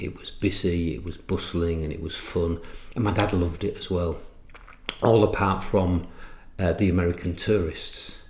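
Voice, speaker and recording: A middle-aged man from England tells a long anecdote in a very low, deep voice. He restarts and fills as he goes, like a seasoned speaker recalling family lore, and the room around him rings with echo. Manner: anecdotal, halting with restarts and fillers. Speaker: entrepreneur and author. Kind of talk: storytelling in a podcast interview.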